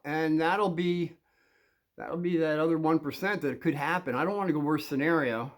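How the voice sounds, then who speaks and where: A man's voice: on the high side, moderate pace. A man talking to the camera and giving casual advice, rambling with many fillers and restarts. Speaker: advice vlogger.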